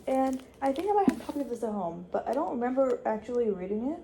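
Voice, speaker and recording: A woman's voice: a little high, sing-song, gravelly, warm tone, a little hiss or hum. Chatty young woman vlogging from her dorm. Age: young adult. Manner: chatty, with restarts and quick asides. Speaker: college student vlogger. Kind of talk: casual vlog chat. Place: dorm room.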